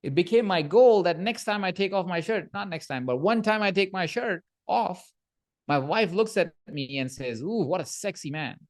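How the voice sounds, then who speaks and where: A man guesting on a podcast, telling animated stories about coaching and often checking in with a quick "right?". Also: sits high. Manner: animated storyteller, frequent "right?" tag questions. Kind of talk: podcast interview conversation.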